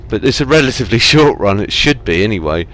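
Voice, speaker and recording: A man's voice: fairly low pitch, animated, quick pace, fairly bright tone. A man with an English accent giving casual, self-mocking commentary while playing a truck driving game and talking back to the traffic. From England. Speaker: let's play gamer. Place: home, at a driving-sim rig.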